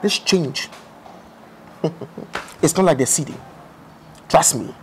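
Brief: man as a boastful fake pastor, high voice that leaps around, noisy recording. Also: slow pace. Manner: shouty, babbles mock tongues. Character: boastful, greedy self-styled male pastor. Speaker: comic pastor. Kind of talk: sketch comedy.

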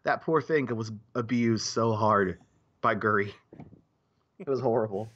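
A man's voice: on the low side, unhurried, a bit bright, muffled recording. A man in casual podcast chat, rambling with many restarts and repeated words. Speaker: podcast co-host.

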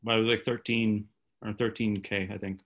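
A man talking as a podcast guest in a relaxed, halting way with many fillers. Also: lowish voice, muffled recording. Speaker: podcast guest, gym founder. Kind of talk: casual conversation.

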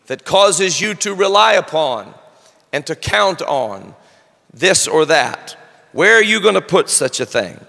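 A male pastor delivers a slow, deliberate sermon that swells into shouted fervor. His voice sits high with a bright, gravelly edge. The reverb of a large church hall rings around every phrase. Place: church sanctuary.

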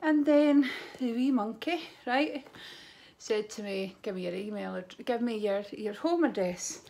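Chatty Scottish woman with a gravelly voice. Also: fairly high pitch, unhurried, dark tone. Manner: chatty, effusive storyteller. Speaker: beauty vlogger. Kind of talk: casual chat to camera. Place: at home.

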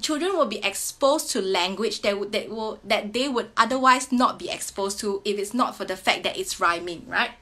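A woman in her thirties, a parent sharing reading tips, talks casually to camera about reading with children. She is chatty, sing-song and teacher-like, often ending sentences with a questioning "right?". Her voice is medium-pitched and sharp, at a moderate pace with few pauses.

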